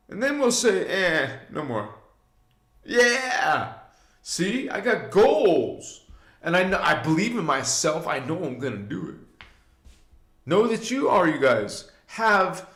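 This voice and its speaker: A man's voice: high voice, fairly bright tone, echoey room. A man hosting a live spiritual talk, rambling loosely with many fillers and speaking straight to his viewers. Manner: loose, meandering, frequent fillers and asides; addresses viewers directly and preachy. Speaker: livestream host.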